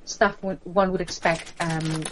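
A woman giving a lecture on literature and folklore, talking with many fillers, restarts and pauses. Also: lowish voice, steady tone, heavy background noise.

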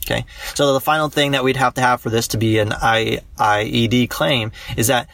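A young man, a law student, working through a practice legal analysis out loud, with many ums and restarts. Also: mid-range voice, steady tone, fairly quick, gravelly, no room sound, far from the mic.

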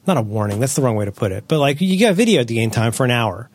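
A man hosting a podcast, chatting casually as a parent, rambling and correcting himself as he tells animated stories. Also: medium pitch, fast. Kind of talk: casual chat.

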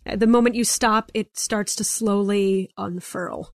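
A woman's voice: mid-range voice, fairly even intonation, unhurried, no echo, soft background music. A young woman runs a tabletop game, walking the players through each scene in loose, descriptive detail. Her voice sits mid-range and is recorded dry and close. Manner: descriptive, hedging with "like" and "kind of". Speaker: game master.

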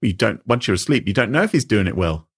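Man podcast host, very animated pitch. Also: fast, slightly rough. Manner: incredulous questioning, playful. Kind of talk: casual podcast banter.

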